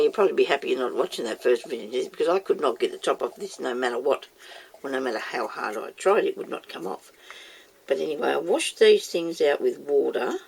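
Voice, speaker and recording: A woman's voice: deep voice, creaky, a little mellow, husky. A woman chatting casually as she demonstrates making moulds, talking herself through each step and scolding herself by name. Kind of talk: casual how-to video.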